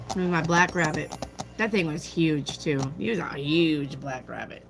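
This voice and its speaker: A woman's voice: fairly low pitch, unhurried, gravelly, long pauses, rough recording. A woman hosting a tarot livestream, chatting casually, telling a personal story and answering viewer comments. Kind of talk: casual chat with live chat.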